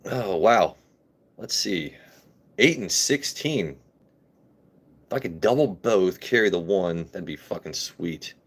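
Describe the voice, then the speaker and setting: A man's voice: low-pitched, expressive, slow, pauses often. A man in his late thirties from Maryland, casually chatting and joking with viewers on a phone live stream, loose and profane. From Maryland, USA. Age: 30s.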